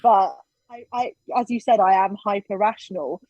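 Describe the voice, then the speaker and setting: A woman's voice: medium pitch, moderate pace, no echo. A woman, a podcast guest, telling stories in casual chat and acting out what others said. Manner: animated, acts out quoted lines. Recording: slightly dull, dry sound.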